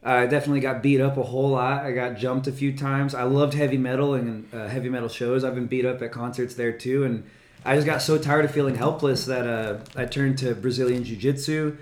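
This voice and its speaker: A boisterous man who talks loud, a podcast guest telling stories in casual chat. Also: medium pitch, fairly even intonation, brisk, roomy sound. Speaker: podcast guest, cage fighter.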